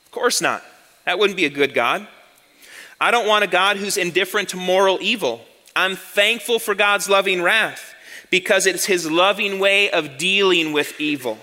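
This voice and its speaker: A male pastor giving an earnest sermon, slowing down and repeating key lines for emphasis. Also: high voice, pushed and bright, long reverb tail.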